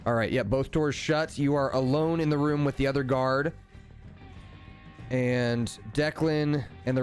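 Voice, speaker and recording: Male game master, mid pitch, relaxed narration and rules calls, faint music bed.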